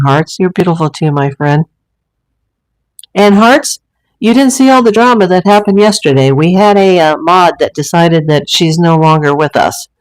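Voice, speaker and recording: A woman with a somewhat low voice hosts a casual livestream from her room at home. She rambles along in a chatty way, full of fillers and restarts, speaking straight to her viewers. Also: rough recording. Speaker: livestream host. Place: home room with a green screen and ring light.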